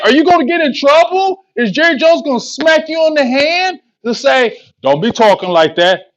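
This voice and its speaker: A man's voice: very high voice, a bit bright. A man hosting a sports fan livestream, ranting with heated rhetorical questions and slangy trash talk. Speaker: sports show host. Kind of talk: fan commentary livestream rant.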